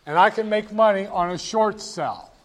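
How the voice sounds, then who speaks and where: A man's voice: sits high, moderate pace. A man lecturing a class, stressing key words and having students repeat phrases back to him. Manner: emphatic, drills terms, asks students to repeat. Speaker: teacher.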